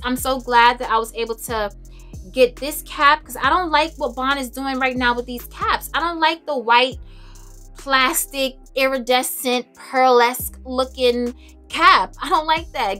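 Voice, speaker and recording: Bright, chatty woman vlogger. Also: high voice. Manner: chatty, expressive, laughs often, dramatic asides. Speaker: beauty and fragrance vlogger. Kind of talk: casual chat to camera.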